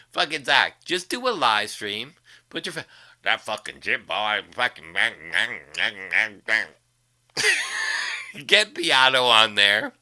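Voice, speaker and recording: A man's voice: fairly high pitch, sharp tone. A man hosting a casual livestream, profanely mocking a rival with frequent laughter. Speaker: livestream host.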